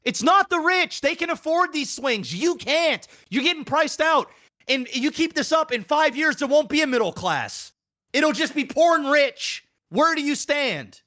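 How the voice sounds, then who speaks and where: Casting: high, bright, animated man, profane podcast ranter. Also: measured pace. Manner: profane, heated, repetitive. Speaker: podcast co-host. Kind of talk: ranting casual chat.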